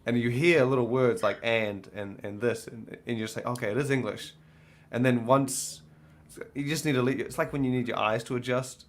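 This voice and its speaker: A man's voice: medium pitch, steady tone, normal speed. A man with a New Zealand accent, a podcast panelist rambling in casual chat and swearing freely.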